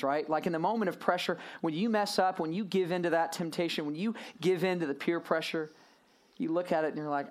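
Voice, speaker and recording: Animated male preacher. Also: on the high side, brisk. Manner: animated, swings between hushed and raised; rhetorical questions to listeners. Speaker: pastor. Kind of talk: sermon. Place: church or youth gathering room.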